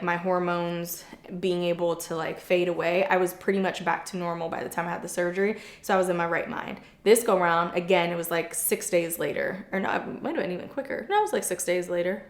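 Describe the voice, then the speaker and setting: A woman's voice: lowish voice, a little fast. Chatty young woman in an echoey room. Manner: chatty and open, frequent "like" fillers, animated retelling. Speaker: podcast co-host. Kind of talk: candid personal storytelling.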